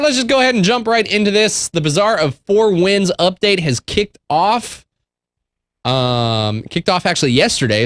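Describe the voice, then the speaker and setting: A man hosting a casual gaming show, chatty and animated, with quick asides. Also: on the high side, dry recording. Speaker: stand-in host.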